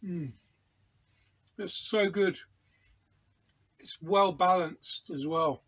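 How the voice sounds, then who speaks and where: A man from England talks slowly in a high, slightly husky voice. He rambles happily and tastes aloud as he reviews a sauce from an indoor home studio. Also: fairly bright tone, low-quality recording. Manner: enthusiastic, rambling, tasting aloud. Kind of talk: casual product review vlog.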